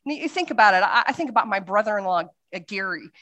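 A woman missionary speaking to a church congregation in a loose, chatty way, stumbling through restarts and fillers. Her voice sits at a middle pitch, and she jumps into little acted quotes as she tells her stories. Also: fast talker. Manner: lively storytelling with acted quotes. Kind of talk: church talk with slides.

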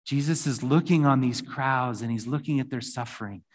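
A man's voice: mid-range voice, moderate pace. A man preaching a sermon. He reads scripture passages aloud and then explains them in a conversational way. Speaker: pastor.

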